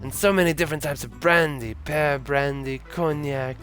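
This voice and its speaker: A man's voice: fairly high pitch, fairly even intonation, moderate pace, a bit bright, faint music behind, voice pushed up, close to an everyday voice. Man doing a drunk, bitter old Santa. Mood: boozy rambling. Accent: vague put-on European accent. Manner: slurred, boozy rambling with sudden outbursts. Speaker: streamer voicing a game character.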